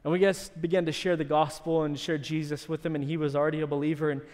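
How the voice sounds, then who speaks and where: A man's voice: fairly high pitch, fast. Man preaching in an echoing church hall. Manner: animated storytelling, shouting in acted quotes. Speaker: pastor. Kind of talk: sermon.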